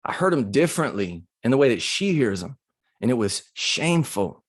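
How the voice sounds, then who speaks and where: A man in middle age gives a live motivational talk. He tells a personal story with animated, conversational energy that keeps turning emotional. His voice sits at an ordinary middle pitch. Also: moderate pace. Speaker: motivational speaker. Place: live retreat session.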